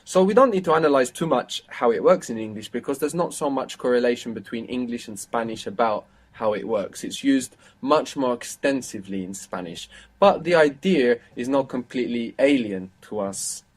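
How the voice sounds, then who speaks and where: A man gives a live online language lesson in a patient, explanatory way. He speaks at an ordinary, mid-range pitch and keeps stopping to quiz his students with short questions. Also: animated, moderate pace. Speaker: language teacher.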